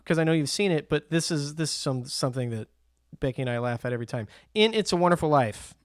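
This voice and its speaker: Guy on a podcast, kinda high voice, acts out scenes, laughs a lot, dry close mic. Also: dry recording. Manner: animated storyteller, acts out scenes, laughs often. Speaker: podcast co-host. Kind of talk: casual chat about movies.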